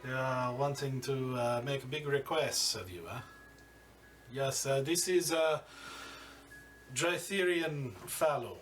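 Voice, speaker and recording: A man's voice: medium pitch, takes it slowly, long pauses, a bit bright, recorded from a distance, faint music behind, voice pushed up. A man voicing a sly male go-between who keeps tagging his lines with a questioning "huh?". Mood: wheedling. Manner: wheedling, ends lines with "huh?".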